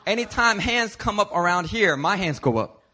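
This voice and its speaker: Male pastor from Philadelphia, slightly high and bright tone, casual storytelling sermon that swings between quiet and loud. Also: moderate pace, a little hiss or hum. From Philadelphia, United States. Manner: animated, conversational, swings from hushed to loud while telling stories. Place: church service.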